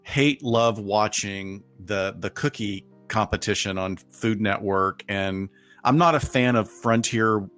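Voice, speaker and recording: A man co-hosting a podcast livestream in casual chat, talking with quick asides and frequent laughs. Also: fairly low pitch, a bit bright, faint music behind. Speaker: podcast co-host.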